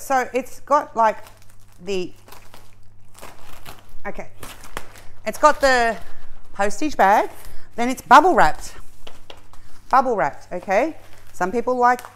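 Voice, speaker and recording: An excitable, chatty woman hosting a casual home unboxing vlog, talking to her viewers at a camera set up a little away. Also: fairly high pitch, low-quality recording. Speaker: craft channel host.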